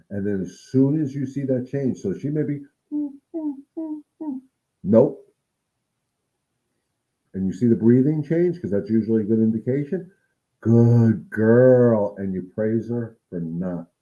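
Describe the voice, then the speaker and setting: A man's voice: lowish voice, mellow, dull audio. A man who trains dogs, talking casually to his viewers in a livestream Q&A, earnest and coaching. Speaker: dog trainer answering viewer questions.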